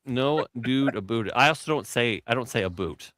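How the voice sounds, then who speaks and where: A man's voice: medium pitch, moderate pace, no room sound, studio quality. A man co-hosting a streamed talk show, joking and swearing freely. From Canada. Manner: animated, profane, joking. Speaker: stream co-host. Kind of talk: casual streamed chat.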